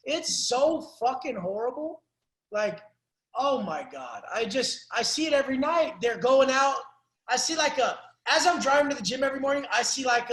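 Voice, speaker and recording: A man's voice: very high-pitched, pushed and bright, reverberant, low-quality recording. A man coaching a client on a call, ranting in an intense, profane, preachy motivational way. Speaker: life coach.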